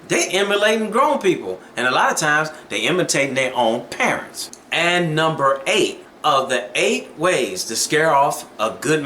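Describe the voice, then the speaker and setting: Bright-voiced man, echoey vlog. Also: fairly high pitch, a little hiss or hum. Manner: storytelling, preachy, conversational. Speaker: dating advice vlogger. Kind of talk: casual vlog monologue.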